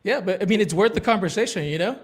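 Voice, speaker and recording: A man's voice: high voice, fast talker, slightly rough. A man working as a real estate closer, easygoing and colloquial. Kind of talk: casual chat.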